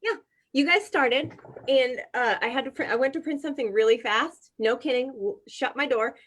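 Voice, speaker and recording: Woman, Texan accent, guest, video call, high bright voice, animated. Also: normal speed, slight background noise. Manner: animated storytelling. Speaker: guest, team leader. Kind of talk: casual video call chat.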